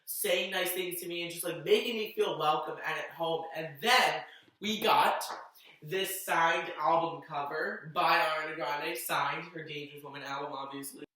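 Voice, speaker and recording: A young man from Massachusetts telling a fan meet-up story in a vlog, gushing with breathless excitement. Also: fairly high pitch, moderate pace, far from the mic. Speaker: vlogger. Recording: echoey room, off mic.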